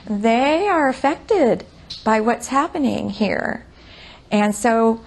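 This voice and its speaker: A woman counselor explaining her approach to couples therapy, speaking gently and thoughtfully, acting out what she says in sessions. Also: medium pitch, gravelly. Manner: gentle, thoughtful, with frequent restarts.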